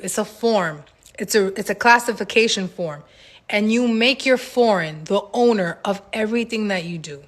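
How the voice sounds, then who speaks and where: Chatty woman hosting a live Q&A. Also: a little high. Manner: chatty, animated storytelling with slang and laughs. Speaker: livestream host answering viewer questions. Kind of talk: casual livestream Q&A chat.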